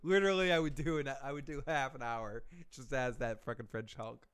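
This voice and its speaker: A man's voice: medium pitch, steady tone, a little fast, a bit bright, clean tone. A man hosting a live stream, rambling in casual chat with profane, chuckling asides. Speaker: show host.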